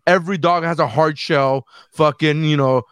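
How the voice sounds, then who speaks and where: A man co-hosting a casual podcast, telling stories in an animated way and swearing freely. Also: fairly high pitch, moderate pace, clear, resonant tone, no room sound. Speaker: podcast co-host.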